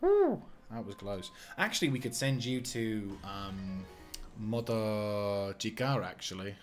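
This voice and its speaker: A man's voice: on the low side, big pitch swings, slow, faint music behind. A man casually commenting on his strategy game as he plays, rambling, swearing and breaking into fits of giggles. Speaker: gameplay commentator. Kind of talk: casual let's-play commentary.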